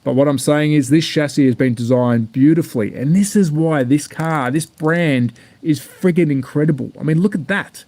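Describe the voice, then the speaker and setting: A man's voice: a little high, normal speed, mellow, no room sound. Sweary Australian man, casual and blunt. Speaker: slot car channel host. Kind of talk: casual live-stream unboxing chat.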